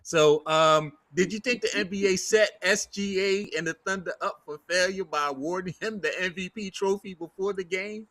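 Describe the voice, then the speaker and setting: Animated bright-voiced male sports talker. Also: high-pitched, normal speed, hardly any pauses, no room sound. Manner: animated, jokey, loose with slang. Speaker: sports talk show co-host. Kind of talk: casual sports talk.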